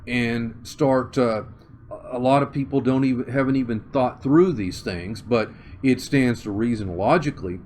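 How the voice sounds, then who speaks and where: A man with a Southern accent from Oklahoma, giving an interview and thinking aloud with many pauses and restarts. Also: mid-range voice, a little mellow, slight background noise. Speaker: interview guest. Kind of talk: conversational interview.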